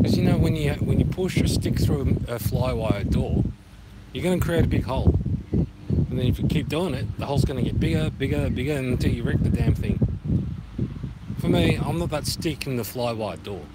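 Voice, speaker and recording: Rambling Australian man vlogging outdoors. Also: mid-range voice. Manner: rambling and punning, sings along loosely. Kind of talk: casual walking vlog. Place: outdoor park by a duck pond. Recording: noisy outdoor phone recording. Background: outdoor ambience with passing traffic.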